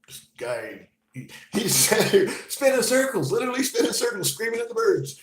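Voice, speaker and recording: A man telling a personal story in a halting, conversational way, dropping to a murmur and then bursting out loud. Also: high voice, wildly swooping pitch. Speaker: storyteller recounting his own experience. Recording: roomy room with faint noise.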